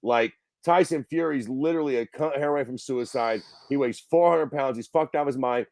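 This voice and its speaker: A man co-hosting a combat sports podcast, talking in a profane, excitable and emphatic way. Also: medium pitch, brisk, no echo. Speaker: podcast co-host. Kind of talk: casual chat.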